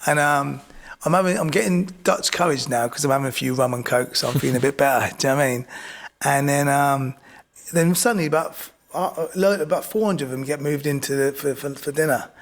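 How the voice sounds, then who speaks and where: Animated man with a gravelly voice. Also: on the high side, fairly quick. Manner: animated, repeats "do you know what I mean". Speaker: boxing coach and podcast guest. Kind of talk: casual storytelling.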